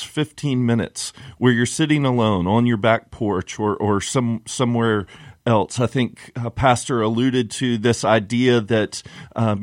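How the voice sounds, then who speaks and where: A man's voice: mid-range voice, dry recording, clean studio sound. A man hosting a podcast, encouraging listeners and wrapping up the season in a loose, conversational way. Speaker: podcast host. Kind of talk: casual podcast wrap-up.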